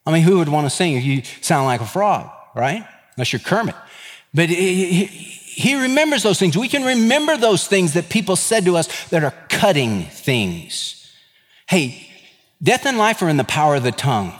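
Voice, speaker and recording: Pastor preaching in a reverberant hall. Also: male voice, fairly high pitch, sing-song, moderate pace. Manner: conversational, joking asides, earnest exhortation. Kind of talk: sermon. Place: church sanctuary. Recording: long reverb of a large hall.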